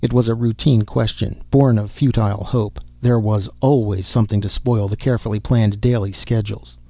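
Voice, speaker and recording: A man narrating an audiobook in a measured, even way, in a dull recording. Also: on the low side, vocal fry, no echo. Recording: dull, dry close-mic audio.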